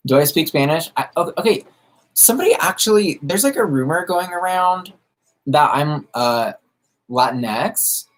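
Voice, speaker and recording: A man's voice: fairly high pitch, animated, moderate pace. Sassy, campy man chatting on a livestream. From United States. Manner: doing makeup while talking. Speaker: drag queen streamer answering viewer questions. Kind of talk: casual livestream chat.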